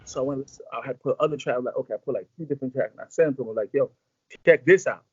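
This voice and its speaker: A man's voice: mid-range voice, quick pace, breathy edge, dry recording, muffled recording. A man in a casual interview, telling long rambling stories full of slang and acted-out quotes. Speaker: music executive guest.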